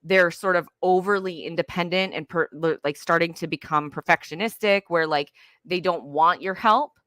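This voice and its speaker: Bright-toned woman explaining parenting. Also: on the low side, normal speed, no room sound. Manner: earnest, explanatory, many fillers. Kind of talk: conversational advice.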